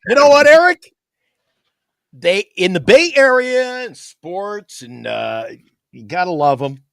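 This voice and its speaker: A man co-hosting a sports talk show, telling stories in a casual, excitable way. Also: sits high, takes it slowly, gravelly, clear, resonant tone, no room sound, clean studio sound. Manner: animated storyteller, excitable.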